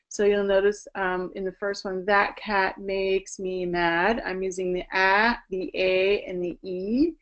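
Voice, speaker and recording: The audio is dull, carrying a woman's medium-pitched voice. She teaches voice in an online presentation via video call, explaining singing technique and demonstrating it in both song and speech.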